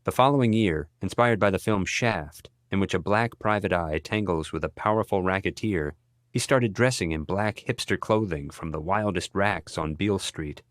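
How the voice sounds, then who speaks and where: Male audiobook narrator, low voice, dry close sound, measured read. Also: dry recording. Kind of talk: scripted narration.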